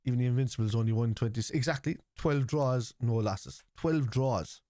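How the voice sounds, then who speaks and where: A man with a mid-range, dark-toned voice hosts a live football watchalong, chatting casually at a moderate pace. He's blunt and opinionated, swears a lot, and keeps repeating his points. The clean studio recording has no room sound.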